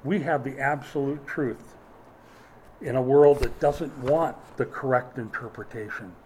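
A man's voice: medium pitch, unhurried, darkish tone, a little hiss or hum, rough recording. A man preaching a sermon, emphatic, with dry humorous asides. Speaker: pastor.

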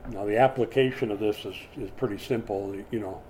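A man preaching a sermon in a conversational, animated way, with sudden dramatic swings and words repeated as he builds a point. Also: on the low side, fairly quick, slight background noise. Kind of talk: expository sermon.

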